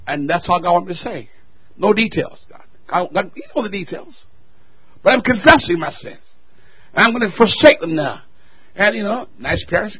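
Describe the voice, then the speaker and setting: A man preaching a sermon, calling out to the church and rising into fervent shouts. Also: high-pitched, sing-song, moderate pace, breathy edge, lo-fi sound. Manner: call-and-response, rising to shouting.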